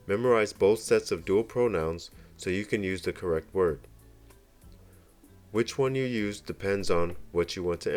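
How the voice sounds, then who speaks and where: A man narrating a scripted beginner language lesson, explaining slowly and carefully with example phrases. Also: deep voice. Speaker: language teacher.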